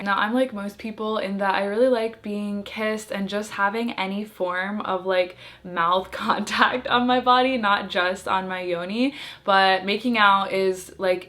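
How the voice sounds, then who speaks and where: A woman's voice: mid-range voice, fairly even intonation, normal speed, a bit bright. A young woman giving frank, chatty advice in a casual vlog, laughing lightly now and then. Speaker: video creator giving intimacy tips.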